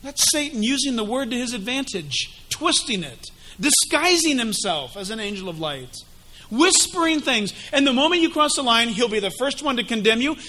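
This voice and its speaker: Animated man preaching, high bright voice, emphatic. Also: moderate pace. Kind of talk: sermon.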